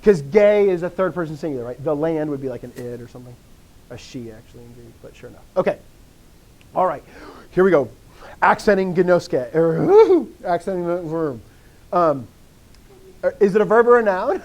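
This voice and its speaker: A man with a high-pitched, slightly mellow voice teaches a language class. He's keen and chatty, interrupts himself, and poses questions he then answers himself.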